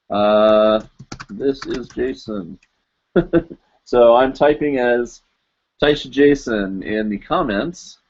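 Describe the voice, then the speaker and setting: A man's voice: mid-range voice, muffled recording. A man in his forties hosting a live stream in casual, rambling chat, chuckling often and mocking himself. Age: 40s.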